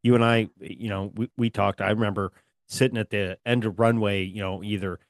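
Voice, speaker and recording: A man's voice: on the low side, steady tone, brisk, dry recording. Laid-back middle-aged man reminiscing. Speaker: podcast co-host. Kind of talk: casual podcast chat.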